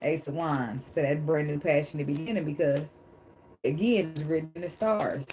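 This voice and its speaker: A tarot reader with a low, warm female voice speaks at normal speed on a low-quality recording with slight background noise. Her casual reading is emphatic and blunt, full of swearing, laughter and preachy asides about faith, and she calls herself dramatic.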